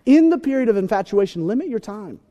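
Young guy preaching, jokey and animated, voice jumps all over, big echoey hall. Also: high-pitched, quick pace. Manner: animated, joking, acts out voices. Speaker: pastor. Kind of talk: sermon. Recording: reverberant hall.

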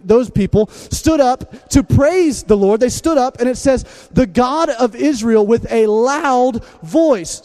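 High-voiced jokey preacher man. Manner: energetic, jokey, swings from loud to hushed. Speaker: pastor. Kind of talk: lively humorous sermon.

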